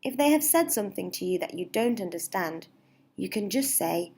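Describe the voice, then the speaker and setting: A woman's voice: mid-range voice, expressive, normal speed, darkish tone, husky. A woman teaching basic phrases, speaking patiently and repeating each example phrase with a lifted, sing-song stress. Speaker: English teacher. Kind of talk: slow, clear English lesson.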